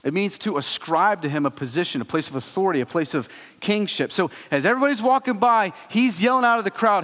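A man preaching a sermon, telling the story with animated swings between loud exclaiming and hushed low tones. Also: fast talker, few pauses. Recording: long hall reverb.

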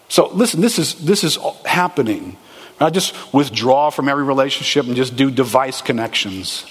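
A man preaching a sermon as a pastor, animated and conversational, asking the congregation rhetorical questions. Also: medium pitch, moderate pace, husky. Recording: echoey hall, long reverb.

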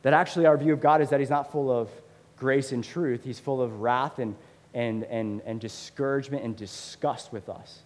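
Pastor, male, 30s, animated conversational sermon delivery with fillers, mid pitch, recorded in a reverberant church hall. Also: normal speed.

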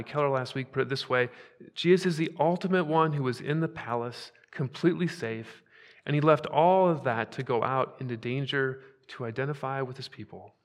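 Man preaching in a reverberant hall. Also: mid-range voice. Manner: emphatic preaching, swings between hushed and loud. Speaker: pastor. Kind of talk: sermon.

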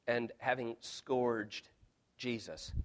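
Man preaching, earnest and emphatic, repeats words when he restarts, middle pitch. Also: steady tone, drawn-out words. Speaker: pastor. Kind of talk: expository sermon.

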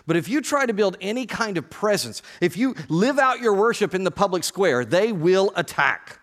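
A male pastor giving a sermon, lively and joking as he addresses the congregation directly. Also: high-pitched, moderate pace, long reverb tail.

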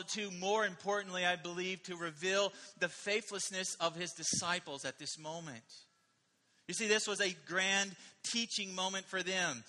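A male pastor preaching a sermon in an animated, emphatic way, often asking the listeners questions. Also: high voice, big-room sound.

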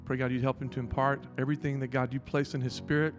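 A man leading a spoken prayer in church at a steady, even pace. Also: mid-range voice, fast talker. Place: church sanctuary. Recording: roomy hall with music underneath. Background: worship music.

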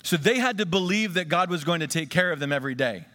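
A man preaching a sermon, swinging between emphatic rises and quiet drops, and drawing the congregation into questions and call-and-response. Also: on the high side, animated, fast talker. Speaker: pastor. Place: church sanctuary. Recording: long church reverb.

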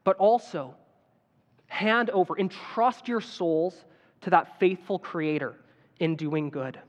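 High-voiced preacher in an echoing hall. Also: male voice, slow pace. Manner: earnest, building to emphatic appeals. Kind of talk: sermon. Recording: dull sound with long hall reverb.

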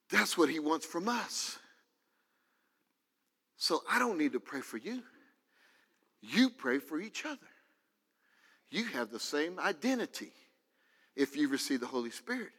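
A man preaching a fervent sermon as pastor, now and then rising to shouts. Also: on the high side, big pitch swings, unhurried, pauses often, husky, in a large hall.

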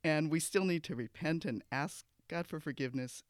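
A man's voice: fairly high pitch, normal speed, no echo, clean studio sound. Man earnestly discussing a sermon. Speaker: church podcast panelist.

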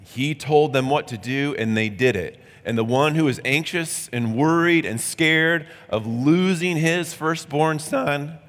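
A man's voice: mid-range voice, fairly bright tone, big-room sound. A male pastor preaching a sermon in a conversational, earnest way.

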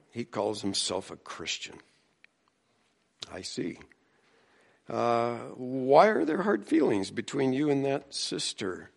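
A man pastor preaching a sermon in a church, talking in a relaxed, conversational way and mimicking the people in his stories. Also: mid-range voice, creaky. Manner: slow, conversational preaching with mimicked voices in anecdotes. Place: church sanctuary.

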